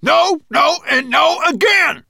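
A man reading an audiobook, voicing a grumpy, sulking male dwarf who whines and shouts his complaints. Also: mid-range voice, wildly swooping pitch, moderate pace, gravelly, no room sound, studio quality, pitched above the performer's own voice, heavily acted. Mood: indignant shouting. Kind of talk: audiobook character voice.

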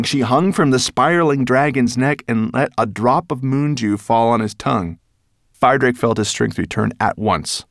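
A man's voice: medium pitch, moderate pace, creaky, dry recording, clean studio sound. A man narrating a children's adventure audiobook in a dramatic storytelling manner. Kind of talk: scripted narration.

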